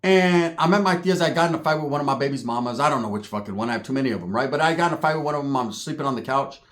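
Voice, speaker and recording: A man's voice: medium pitch, rapid-fire, fairly bright tone. A young man telling a profane story in street slang and acting out the people he quotes. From California. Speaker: commentary vlogger. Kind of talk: storytelling rant.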